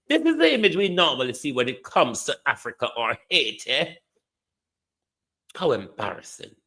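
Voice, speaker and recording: A man's voice: mid-range voice, sharp tone. A man with a Jamaican accent giving heated political commentary, scornful and dropping into Patois as he keeps addressing the Prime Minister. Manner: mixes Jamaican Patois into English.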